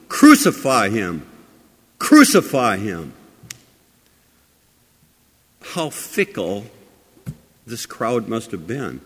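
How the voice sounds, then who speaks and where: A man preaching a sermon with many rhetorical questions, moving between loud emphasis and quiet asides. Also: mid-range voice. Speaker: pastor. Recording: long hall reverb.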